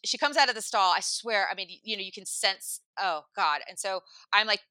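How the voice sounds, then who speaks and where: A woman casually telling a comic story in an animated, rambling way, full of "like" and acted-out quotes. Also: mid-range voice, a little fast, dry recording.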